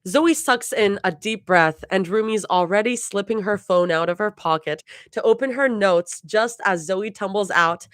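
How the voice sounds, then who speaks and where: A woman reads fan fiction aloud live, laughing as she goes and stumbling over hard words. Her pitch is middling and the recording sounds dry and close. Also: a little slow, hardly any pauses, no room sound.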